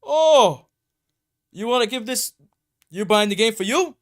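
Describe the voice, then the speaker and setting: A man voicing a loud, nosy male game store clerk in a story he tells on a live stream. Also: high-pitched, lively intonation, a little slow, no echo, pitched above the performer's own voice.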